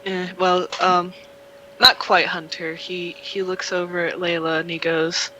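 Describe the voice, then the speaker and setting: A game master narrating a tabletop role-playing game in an unhurried, hesitant way. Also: medium pitch, level tone, bright, forceful tone, highs cut off, a little hiss or hum.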